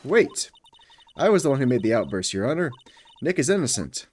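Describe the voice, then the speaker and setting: A man voicing a young woman who is an excitable spirit medium sidekick, reading a game aloud. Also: a little fast. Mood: urgent. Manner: high excitable pleading.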